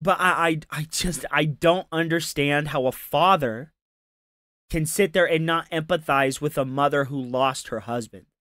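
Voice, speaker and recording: A man's voice: on the high side, a little slow, bright, forceful tone, dry recording, clean studio sound. A man doing casual reaction commentary on a stream, ranting in an exasperated, profane and mocking way.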